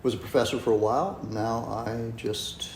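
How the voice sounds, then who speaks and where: A man being interviewed as a guest scholar, speaking in a measured, hesitant way with many pauses and ums. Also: mid-range voice, fairly even intonation. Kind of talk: podcast interview. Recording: echoey room with faint noise.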